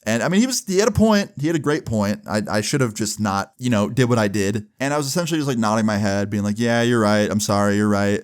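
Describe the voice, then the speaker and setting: Animated, foul-mouthed man telling a story. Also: quick pace, hardly any pauses. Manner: profane, animated storytelling with sudden pitch jumps. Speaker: storyteller vlogger. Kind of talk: casual storytelling vlog.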